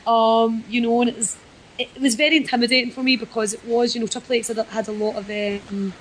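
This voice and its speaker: A woman's voice: fairly high pitch, level tone, fast talker, rough recording. A Scottish woman, a wrestler guest, chatting casually and self-deprecatingly in a podcast interview. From Scotland.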